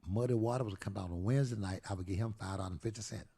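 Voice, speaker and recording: Older man, gravelly storyteller. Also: on the low side, rapid-fire. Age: 80s. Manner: animated storyteller, acts out quoted voices. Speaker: guest storyteller. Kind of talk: live storytelling at a talk event.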